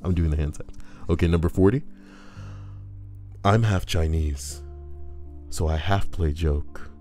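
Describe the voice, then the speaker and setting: A man's voice: low-pitched, a little mellow. A man reading online stories aloud and cutting in with crude, joking asides. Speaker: YouTuber reading Reddit posts. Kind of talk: comedic reading with commentary. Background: faint background music.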